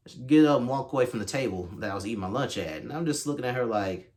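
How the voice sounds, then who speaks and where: A man hosting his own podcast, delivering a casual solo rant that is animated and exasperated, with big jumps in pitch. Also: fast. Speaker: podcast host.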